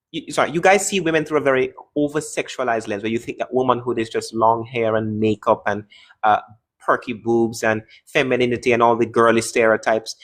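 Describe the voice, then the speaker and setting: A man's voice: mid-range voice, fairly bright tone. A man hosting a live-stream debate, taunting and interrupting callers in a combative way.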